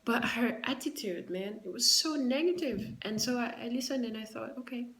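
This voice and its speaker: A woman's voice: a little high, expressive, moderate pace, fairly bright tone, roomy sound, low-quality recording. A woman vlogging casually to camera. She retells a story about a colleague at work and acts out both sides of the conversation. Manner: retells a workplace story, acting out both sides with quoted dialogue.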